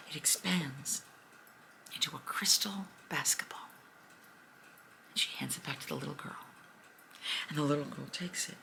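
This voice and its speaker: A woman telling an improvised fairy tale, animated and expressive in her storytelling. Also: sits low, vocal fry, low-quality recording.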